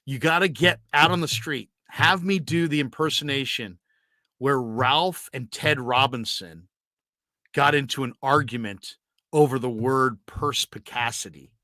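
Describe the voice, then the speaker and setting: A man hosting a sports talk show, telling animated stories in casual chat. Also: medium pitch, measured pace, dry recording, clean studio sound. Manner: animated storyteller, does impressions. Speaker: sports radio host.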